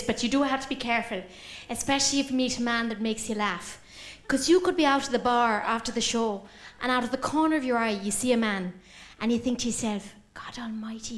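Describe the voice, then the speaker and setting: High-voiced woman telling a comic tale. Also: fairly bright tone. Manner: brisk, conspiratorial, mock-serious. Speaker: comedy singer on stage. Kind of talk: live comic storytelling.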